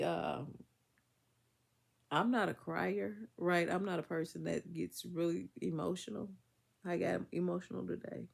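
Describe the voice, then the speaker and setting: Gravelly-voiced woman telling a story. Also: on the low side, a little mellow. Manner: chatty, emphatic, Southern US vernacular speech. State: congested, recovering from illness. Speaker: vlogger. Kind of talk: casual storytelling to viewers.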